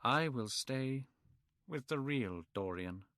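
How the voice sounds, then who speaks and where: A man's voice: fairly high pitch, big pitch swings, moderate pace, a bit bright, no echo, studio quality, pitched above the performer's own voice. A man doing an earnest, devoted painter. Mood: hurt. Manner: earnest, pleading.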